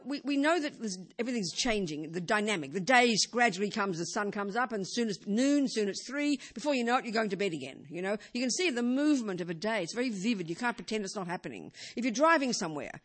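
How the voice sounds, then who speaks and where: An older woman teaching as a Buddhist teacher in an informal talk. She speaks conversationally, with frequent "you know" and rhetorical questions, and swings between emphatic and hushed delivery. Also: on the high side, big pitch swings, fast, few pauses.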